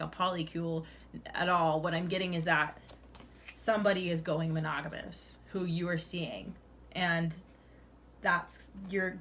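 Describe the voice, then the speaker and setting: A woman's voice: lowish voice, fairly bright tone, slight background noise. Chatty young woman reading tarot. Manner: chatty, many "like"s, laughs often, addresses listener as "honey". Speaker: tarot reader.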